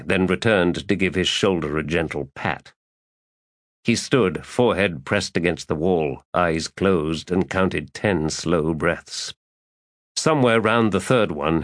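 A man reading a fantasy audiobook in a measured, dramatic storytelling manner. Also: low-pitched, no room sound, studio quality. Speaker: audiobook narrator. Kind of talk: scripted narration.

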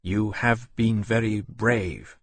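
Haughty, stiff captain, cold and awkward, read by a male narrator; husky, dry. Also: mid-range voice, big pitch swings, moderate pace, no room sound.

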